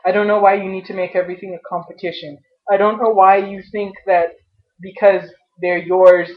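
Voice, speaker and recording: Young adult woman vlogger, mid-pitch, venting to camera in stops and starts, lo-fi audio. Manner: frustrated, halting, many restarts. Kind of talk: personal vlog rant. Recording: dull lo-fi webcam audio.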